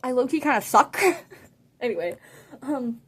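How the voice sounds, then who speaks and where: A woman telling a story in a casual, animated way, saying "like" a lot and often laughing mid-sentence. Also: high voice, moderate pace, husky. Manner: chatty and animated, heavy use of "like". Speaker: vlogger.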